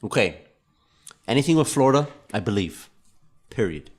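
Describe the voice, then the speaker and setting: A man's voice: fairly low pitch, sing-song, normal speed. Jokey man co-hosting a chat show. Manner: jokey, laughs easily, wry asides. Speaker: podcast co-host. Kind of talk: casual chat.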